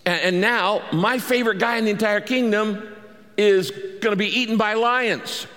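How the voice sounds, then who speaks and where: A man's voice: sits high, steady tone, moderate pace, pushed and bright, in a large hall, voice pushed up. A man doing a distraught, regretful king. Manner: pleading, distraught.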